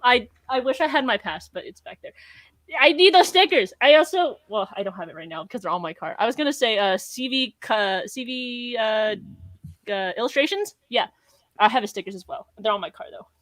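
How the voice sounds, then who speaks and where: A young man with an American accent, a podcast guest telling a convention story with rambling, excited energy and lots of fillers. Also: very high voice, brisk, dry recording. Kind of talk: excited casual chat.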